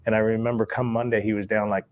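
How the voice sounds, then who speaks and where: Lowish guy voice, laid back storyteller, acts out the quotes, little chuckles here and there. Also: fast. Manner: relaxed, acts out quoted dialogue, chuckles between lines. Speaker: former sports bookie telling his story. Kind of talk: casual storytelling.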